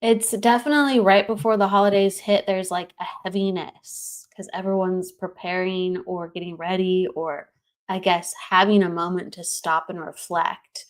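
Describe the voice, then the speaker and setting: A woman's voice: on the low side, steady tone, moderate pace. A woman hosting a spiritual live stream, greeting viewers by name in a bubbly way and laughing often. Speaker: host.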